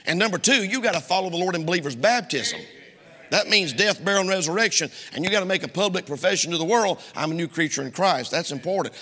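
A man's voice: sits high, lively intonation, fast, bright, forceful tone. A male pastor preaching a sermon from the pulpit with an emphatic, repeating cadence. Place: church sanctuary. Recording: long hall reverb in a church.

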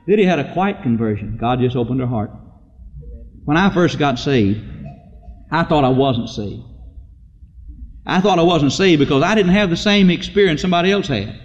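A man's voice: on the high side, expressive, moderate pace, long pauses. A man preaching a sermon, telling stories in a folksy way and acting out the voices of the people in them. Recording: dull lo-fi recording in a reverberant hall.

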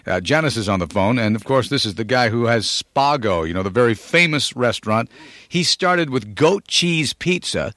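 A man's voice: medium pitch, expressive, normal speed, a bit bright, no room sound. A man hosting a radio countdown, chatting playfully and teasing callers. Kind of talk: upbeat radio DJ patter.

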